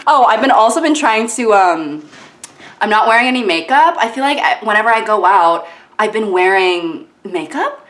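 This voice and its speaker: A young woman talks to her phone camera in a loose, self-mocking vlog ramble. Her voice sits at a middling pitch and bounces around a fairly echoey room. She fills her sentences with "like" as she thinks out loud. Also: very animated, normal speed, a little hiss or hum. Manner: chatty, self-mocking, lots of "like". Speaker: vlogger. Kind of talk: casual vlog chat to camera.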